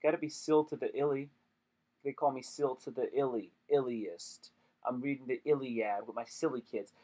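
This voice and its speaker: A man's voice: medium pitch, fairly even intonation, normal speed, mellow. A young man chatting casually on a live stream, joking and rambling with lots of slang.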